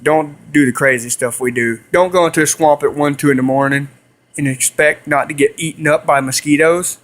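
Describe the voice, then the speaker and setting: A man's voice: fairly high pitch, fairly even intonation, fairly quick, fairly bright tone. A young man telling a rambling story to his viewers, repeating himself and hissing to mimic animals. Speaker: vlogger. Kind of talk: casual storytelling to camera.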